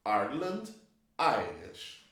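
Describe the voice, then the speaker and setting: A male English teacher walks through grammar examples slowly and patiently, with a lively rise and fall in his voice. The room around him is strongly echoey. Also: on the low side. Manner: patient, with drawn-out example sentences. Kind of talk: slow, clear classroom explanation.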